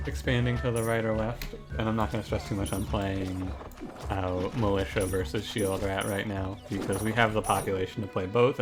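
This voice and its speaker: A man giving casual gameplay commentary, rambling and joking as he often cuts himself off mid-sentence. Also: lowish voice. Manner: rambling, jokey, self-interrupting. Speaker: gaming commentator. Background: background music.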